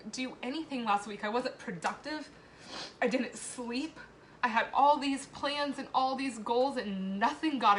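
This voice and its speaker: Tearful mom on a live video, bright higher voice, candid and swearing, faint noise behind. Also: female voice. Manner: candid and emotional, swearing, frequent laughs. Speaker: mother sharing a personal testimonial. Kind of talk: emotional live video confession.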